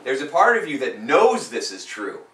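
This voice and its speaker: A man's voice: medium pitch, very animated, normal speed, pushed and bright. A man working as a hypnotist, coaching a client live and pressing points home by repeating phrases with rising force. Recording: roomy sound from a distant mic.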